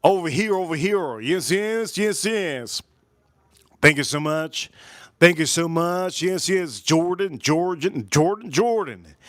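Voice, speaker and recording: A man's voice: fairly high pitch, lively intonation, slow pace, fairly bright tone, dry recording, studio quality. A man hosting a casual whiskey livestream, rambling and repeating himself with joking asides to his chat. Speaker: livestream host reviewing whiskey.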